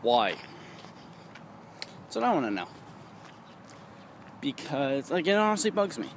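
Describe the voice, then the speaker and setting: Young male vlogger, rambling outdoor rant, slowish delivery, lively pitch, traffic in the background. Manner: rambling, animated, mocks voices with high squeals. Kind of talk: casual vlog rant. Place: outdoors, walking in town. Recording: outdoor street noise behind.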